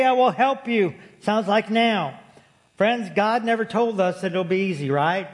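A man preaching a sermon to his congregation, folksy and storytelling, joking with the room. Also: high voice. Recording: long hall reverb.

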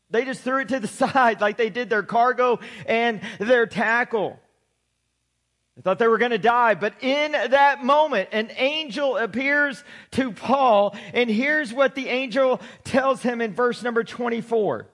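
Pastor, middle-aged man, very high voice, emphatic sermon with casual joking asides. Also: a bit bright. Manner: preaching with slow emphatic build-ups, then chatty joking asides.

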